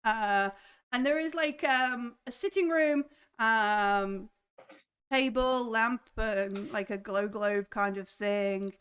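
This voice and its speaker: Smooth-voiced woman running a game. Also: fairly high pitch, steady tone, takes it slowly, fairly bright tone. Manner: rambling with many fillers. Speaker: game master. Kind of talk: narrating a tabletop game.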